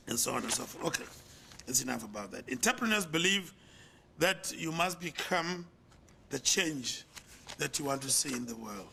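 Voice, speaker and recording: A man's voice: sing-song, brisk, creaky, pushed and bright, slight background noise. An older man with a South African accent giving a conference lecture with a preacher's rhetorical, emphatic cadence. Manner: rhetorical, emphatic, swings in pitch and volume. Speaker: conference speaker, pastor. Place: lecture hall.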